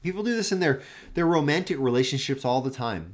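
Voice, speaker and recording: A pastor giving a daily devotional, reading scripture with dramatic swings between loud and hushed and often repeating words as he searches for phrasing. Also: medium pitch, expressive, fairly quick. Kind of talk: daily devotional Bible teaching.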